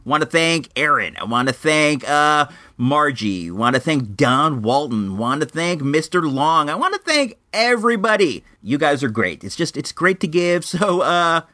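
A man hosts his podcast in a loose, chatty monologue. His voice is bright and a bit high for a man. It swoops up and down with lots of asides. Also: no room sound, studio quality. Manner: animated, chatty, drawn-out asides. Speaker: podcast host. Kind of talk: casual monologue.

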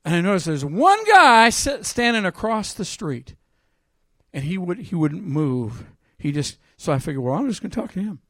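A man delivers a sermon in a somewhat high voice, recorded close and dry with almost no room sound. He reads scripture loudly and emphatically, then drops into a quiet, conversational tone to tell a story from his own ministry. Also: normal speed, dry recording. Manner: animated, swings between loud emphatic reading and quiet storytelling. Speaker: preacher.

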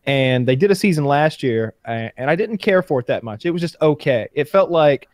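A man chatting casually on a podcast, recounting TV episodes with animated, excited storytelling. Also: a little fast, no room sound. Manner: animated storytelling, rising in pitch when excited. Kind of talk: casual chat.

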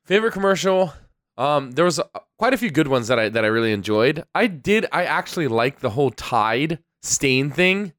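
A man's voice: a little high, very animated, normal speed, a bit bright, no echo, studio quality. A man co-hosting a podcast, chatting casually and rambling with fillers. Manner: laid-back, rambling with fillers. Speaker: podcast co-host. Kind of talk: casual chat. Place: small home studio.

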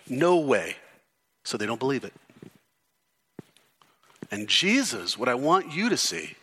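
A man preaching a sermon in a lively, rising-and-falling voice with a bright, forceful edge. He presses his points with repeated rhetorical questions, then sinks low and intense to drive them home. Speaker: pastor. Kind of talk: expository sermon.

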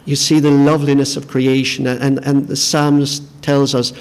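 A man delivering a sermon at a middle pitch, earnest and steady, sometimes repeating a word as he begins a thought. His voice carries a long reverb from a church hall. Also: moderate pace. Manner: earnest, repeats words when starting phrases. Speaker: preacher.

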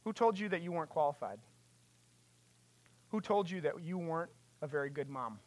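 A preacher delivering a sermon with passion, asking rhetorical questions and building to loud, emphatic peaks. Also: medium pitch, expressive, moderate pace, dry recording.

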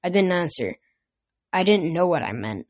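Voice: medium pitch, big pitch swings, normal speed, no echo. An amateur reader casually reading a novel aloud, often tripping over words and correcting them. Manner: stumbles and corrects words mid-sentence.

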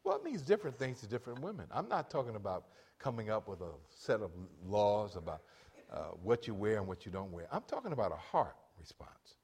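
Lively preaching man with a rising-falling voice. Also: lowish voice, brisk, slightly rough. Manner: lively preaching, calls for amens from the congregation. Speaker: pastor. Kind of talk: sermon. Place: church.

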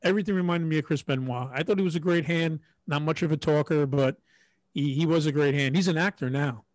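Male co-host, fast talker, casual slang, dry sound. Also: fairly high pitch, dry recording. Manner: quick, chiming-in agreement, casual slang. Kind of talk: casual podcast chat.

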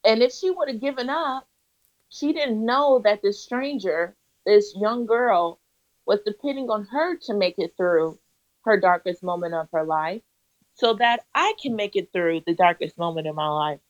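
A woman's voice: mid-range voice, lively intonation, normal speed. A woman guest on an interview, telling her story in an earnest, emphatic way with a preacher-like cadence. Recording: slightly dull lo-fi audio.

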